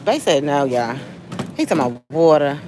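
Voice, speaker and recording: A chatty woman with a Southern US accent, talking straight to her livestream viewers on a handheld phone as she shops. Clear store noise and ambience sit under her voice. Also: deep voice, lively intonation, moderate pace. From Southern United States. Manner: chatty, talks straight to viewers with sudden exclamations. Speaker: livestream host. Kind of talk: casual livestream chat. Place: grocery store.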